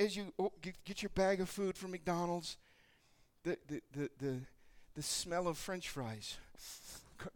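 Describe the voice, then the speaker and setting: A fairly high-pitched pastor preaches a sermon, bringing his stories to life with animated delivery and acted-out voices for the people involved.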